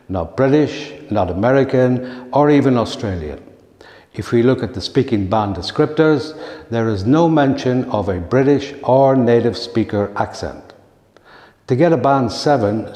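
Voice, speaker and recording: A man delivering a scripted lesson for teachers in a calm, measured way. His voice is mellow and dark, mid-pitched. The sound rings in a roomy space with a long reverb tail. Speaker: teacher trainer. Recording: echoey room with long reverb.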